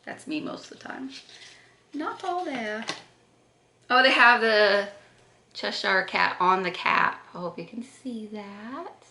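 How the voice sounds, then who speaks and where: Bright, gushing woman in an echoey room. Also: mid-range voice, a little slow, creaky, slight background noise. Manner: chatty and gushing, with gasps and self-corrections. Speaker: beauty vlogger. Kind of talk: casual makeup unboxing chat. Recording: roomy echo.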